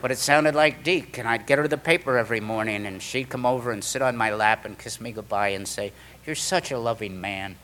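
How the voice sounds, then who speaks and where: A man's voice: mid-range voice, fairly quick, few pauses, a little hiss or hum. A middle-aged man telling a story from his recovery to a meeting, acting out the voices of the people in it. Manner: animated storyteller, acts out quoted voices.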